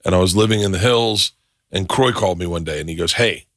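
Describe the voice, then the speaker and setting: A man's voice: low-pitched, fast talker, no room sound, clean studio sound. A middle-aged man hosting a podcast, telling stories casually and acting out both sides of conversations. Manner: animated storyteller, acts out both sides of phone calls. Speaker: podcast host. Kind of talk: casual storytelling chat.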